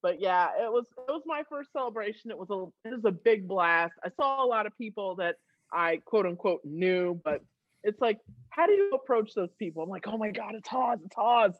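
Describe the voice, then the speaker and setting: A woman in her thirties, a guest on a podcast, telling a story with lots of laughter and high excited squeals. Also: moderate pace, lo-fi sound. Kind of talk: casual storytelling.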